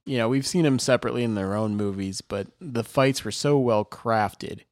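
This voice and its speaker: A male podcast co-host with a wry, measured manner. His mid-pitched voice is recorded dry and close, with no room sound. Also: dry recording. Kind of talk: casual chat.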